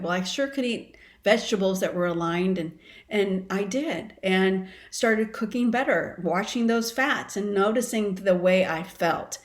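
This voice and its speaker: A woman in her fifties, a wellness coach, telling her story in an animated, expressive way during a casual interview. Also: medium pitch.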